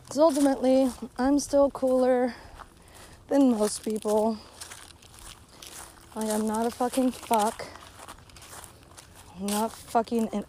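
A woman's voice: a little high, a little mellow, a little hiss or hum, poor audio. Profane, sarcastic woman ranting outdoors. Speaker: vlogger. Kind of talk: casual ranting monologue. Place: outdoors on a hike by a lake.

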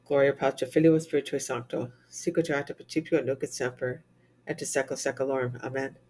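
A man reciting the Divine Office, reading psalms and lessons in English with Latin responses, in a steady, even recitation. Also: medium pitch, fast talker. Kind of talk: reciting liturgical prayer and psalms.

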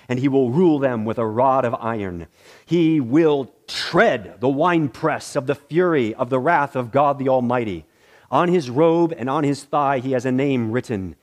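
A male pastor reading scripture aloud in a worship service, measured and expressive, with rising exclamations. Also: medium pitch. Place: church sanctuary.

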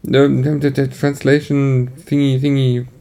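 A man co-hosts a casual podcast. His voice sits in a middle range for a man. He talks in an easygoing, halting way, repeating words as he searches for them and laughing along. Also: medium pitch, flat delivery, warm tone. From Germany. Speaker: podcast co-host. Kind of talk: casual chat.

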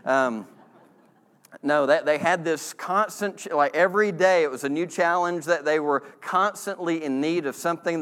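A man's voice: high voice, fairly bright tone. A man preaching a folksy, humorous sermon. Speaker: pastor.

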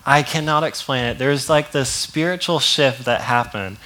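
A man's voice: medium pitch, normal speed, pushed and bright. A young man preaching a sermon in a casual, conversational way, often laughing and acting out quotes. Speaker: pastor.

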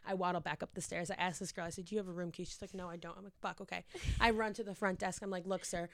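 A woman's voice: on the low side, steady tone, racing, creaky, a bit bright, dry recording. A young woman in her twenties telling a long, rambling story in casual chat, swearing freely and acting out quotes.

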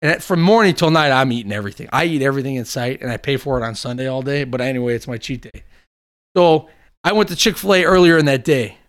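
A man in casual chat, telling long animated stories and swearing freely. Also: medium pitch, fast.

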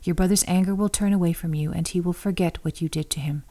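An anxious scheming mother urges her son on, voiced by a woman reading aloud. Her voice is warm and lowish. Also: fairly even intonation, quick pace, close to an everyday voice. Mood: urgent.

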